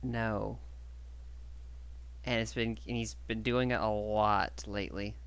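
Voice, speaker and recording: A man's voice: lowish voice, little pitch movement, slow, a bit bright, smooth. A man playing a blunt, protective woman who talks in a frank, exasperated way.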